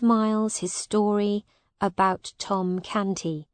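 Woman narrator for a graded reader: very slow, clear, melodic, dry close sound. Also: mid-range voice, fairly even intonation, no room sound.

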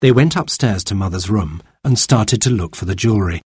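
Husky man reading a storybook. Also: lowish voice, expressive, fairly quick, darkish tone, dry recording, studio quality. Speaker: narrator.

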